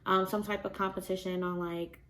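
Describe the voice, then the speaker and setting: A woman's voice: medium pitch, level tone, brisk, fairly bright tone. A young pregnant woman, chatting casually on her vlog and filling her stories with "like" and laughs. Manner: chatty, storytelling with many "like" fillers and laughs. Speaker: vlogger. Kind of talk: casual chat.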